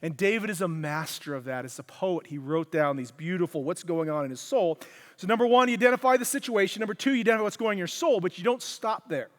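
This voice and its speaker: A man preaching a conversational sermon, acting out quotes with lively shifts in voice, recorded in a church. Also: high voice, fast talker. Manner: conversational, animated, acts out quotes. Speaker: pastor. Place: church hall. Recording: long hall reverb.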